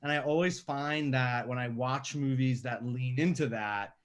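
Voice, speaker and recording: A man's voice: medium pitch, moderate pace. A man from Staten Island, a filmmaker guest telling stories in a casual podcast interview. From Staten Island, New York. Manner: conversational, animated when telling stories. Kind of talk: podcast interview over a call.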